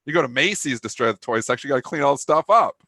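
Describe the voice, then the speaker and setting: A man's voice: mid-range voice, expressive, fast, pushed and bright, dry recording. A man co-hosting a live talk show, telling a long rambling story with lots of fillers. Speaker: co-host of a trading talk show. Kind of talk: casual anecdote chat.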